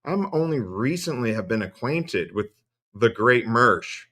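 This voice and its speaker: Bright-voiced sarcastic streamer guy. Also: medium pitch, sing-song, unhurried. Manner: profane, sarcastic, laughs often. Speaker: streamer host. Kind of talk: casual mocking commentary.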